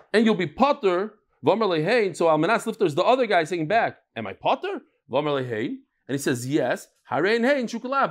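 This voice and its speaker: High-pitched joking male Talmud teacher. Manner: lively, joking, mixes Yiddish and Hebrew terms into English. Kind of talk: Talmud lecture.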